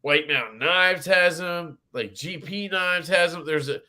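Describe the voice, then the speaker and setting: Bright-voiced cussing podcast host. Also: male voice, a little high, measured pace. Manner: profane, rambling, laughs often. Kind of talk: casual livestream chat.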